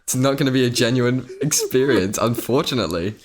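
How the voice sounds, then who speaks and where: A man co-hosting a podcast, talking in a halting, filler-heavy casual chat. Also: mid-range voice, lively intonation, slight background noise. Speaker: podcast co-host.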